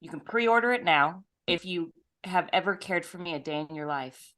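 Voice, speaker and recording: Lively, playful woman podcast host. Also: lowish voice, moderate pace. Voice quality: throaty. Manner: chatty, playful, self-deprecating. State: phlegmy throat, clearing it. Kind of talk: casual podcast chat.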